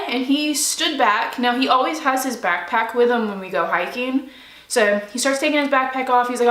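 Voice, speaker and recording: Bright-voiced young woman telling a story. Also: on the high side, a little fast, reverberant. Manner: excited, chatty, animated retelling. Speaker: vlogger. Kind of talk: casual storytelling to camera.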